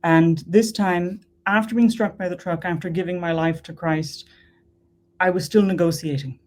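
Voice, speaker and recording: An earnest woman from Ireland recounts her personal faith story. Her voice sits low for a woman. She leans on repetition to stress her points. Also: steady tone, moderate pace, a little mellow. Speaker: guest.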